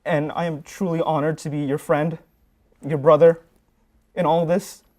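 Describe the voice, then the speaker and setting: A man's voice: fairly high pitch, flat delivery, normal speed, darkish tone. A young man, a graduating student on a sports show, giving a sincere, rambling farewell full of fillers. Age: young adult. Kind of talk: heartfelt farewell speech.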